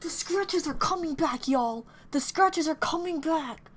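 A woman's voice: high voice, a little slow. A young woman reacting as a fan, gushing, gasping and squealing, often repeating herself. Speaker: K-pop reaction vlogger. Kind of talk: excited fan reaction commentary.

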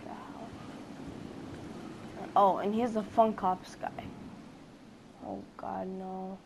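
A woman hosting her own gaming channel and giving gameplay commentary from her home basement. She opens with a loud, excited intro, then drops to quiet muttering while she plays. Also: medium pitch, drawn-out words, heavy background noise. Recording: clear background music.

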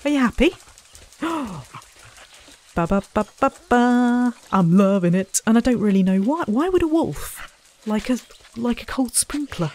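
A woman's voice: a little high, lively intonation, normal speed, warm tone. A woman casually commenting while playing a zoo-building game, chatty and self-mocking, talking to the animals and visitors. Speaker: let's play host.

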